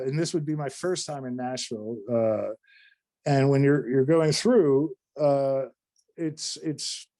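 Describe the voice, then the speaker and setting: A man from North Carolina, a podcast guest, telling a long story in an animated, rambling way, with casual swearing and many restarts. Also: fairly high pitch.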